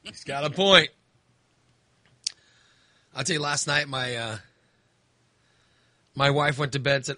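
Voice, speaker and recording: A man's voice: mid-range voice, unhurried, pauses often, pushed and bright, no room sound. A man chatting casually as host, rambling with lots of fillers and restarts. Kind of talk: casual chat.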